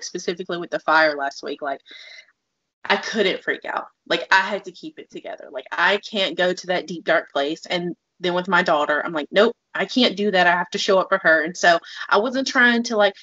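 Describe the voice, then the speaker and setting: A woman's voice: on the low side, moderate pace, dull audio. Earnest woman co-hosting a podcast. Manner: earnest, emphatic, animated quoting. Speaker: podcast co-host. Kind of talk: casual podcast conversation.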